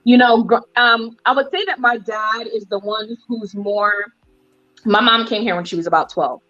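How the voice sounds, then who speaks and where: A chatty woman talks animatedly as a guest, her voice pitched a little high. The sound is dull and lo-fi, like a call coming through. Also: moderate pace, soft background music. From United States. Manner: animated, chatty, lots of fillers. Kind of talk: casual chat. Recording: dull lo-fi audio.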